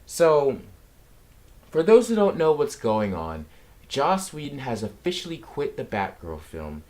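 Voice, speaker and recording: Male vlogger, exasperated sarcastic rant, unhurried delivery with an animated pitch. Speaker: film commentary vlogger. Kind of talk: casual ranting commentary.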